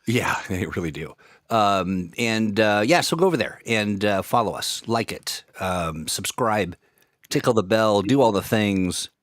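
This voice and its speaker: A man's voice: fairly low pitch, animated, a little slow, no room sound, clean studio sound. A man co-hosting a casual podcast, goofy and rambling, joking along with his co-host over a remote call. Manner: goofy, laughs often, loose rambling talk.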